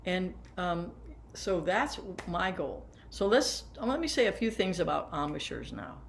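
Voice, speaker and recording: A woman's voice: lowish voice, big pitch swings, measured pace, creaky, slight background noise. Older woman leading a band lesson. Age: 70s. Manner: warm, hands-on, guiding listeners through exercises. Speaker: band teacher. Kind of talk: workshop lesson for teachers. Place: seated.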